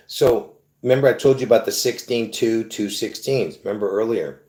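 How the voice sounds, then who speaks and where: A man's voice: lowish voice, dark tone, reverberant. A man talking straight to his viewers, repeating himself and restarting often as he insists on his point. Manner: repetitive, insistent, many restarts and fillers. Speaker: video host. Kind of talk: rambling explanation to viewers.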